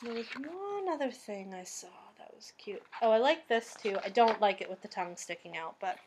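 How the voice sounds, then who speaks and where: A woman's voice: a little high, lively intonation, normal speed, slight background noise. Chatty woman with a Boston accent. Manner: chatty, rambling, many "um"s. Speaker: crafting vlogger. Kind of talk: casual crafting vlog chat.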